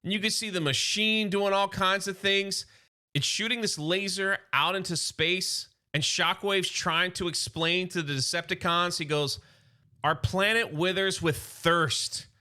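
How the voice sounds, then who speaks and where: A comic book reviewer with a high, bright, forceful voice retells a comic's story in his own chatty words, voicing the characters' lines along the way. His intonation is fairly even and his speed normal, and he peppers his talk with "you know" and "he's like."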